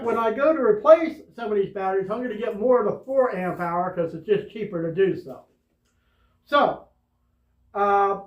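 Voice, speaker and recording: A man shows his gear in a folksy, rambling way, his voice very high for a man and his pace unhurried. He sits back from the mic, so the sound comes off dull and echoey. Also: distant mic. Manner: rambling, folksy, many fillers and restarts. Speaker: tool reviewer. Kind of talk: casual product demo vlog.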